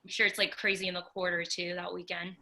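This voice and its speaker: A bubbly, animated woman from New Orleans with a slight Southern accent, chatting on a video call. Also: on the low side, fast talker, vocal fry. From New Orleans, Louisiana. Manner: bubbly, animated, laughs often.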